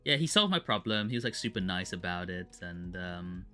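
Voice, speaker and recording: A man's voice: sits low, animated, moderate pace, pushed and bright, clear, resonant tone. Man rambling in casual chat. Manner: rambling storyteller with many fillers and restarts. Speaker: streaming artist. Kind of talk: casual chat while drawing. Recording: faint music behind.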